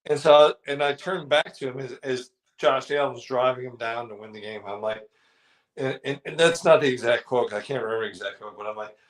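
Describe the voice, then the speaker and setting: A man's voice: medium pitch, fairly quick, rough recording. A man telling a long story in casual chat, rambling with many restarts and fillers and acting out the people in it. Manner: acts out the people in his story.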